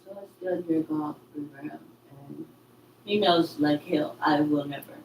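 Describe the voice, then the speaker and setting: A woman's voice: low voice, unhurried. A woman chatting loosely between songs at home, swearing casually. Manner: loose, profane banter. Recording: echoey room, voice far from mic, faint background noise.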